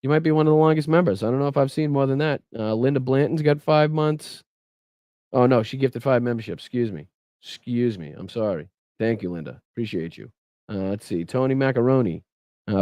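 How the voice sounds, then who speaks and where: A man's voice: mid-range voice, fairly quick, mellow, no room sound. A man hosting a live political stream, chatting casually, rambling and swearing as he thanks viewers. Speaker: livestream host. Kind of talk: casual live chat reading comments.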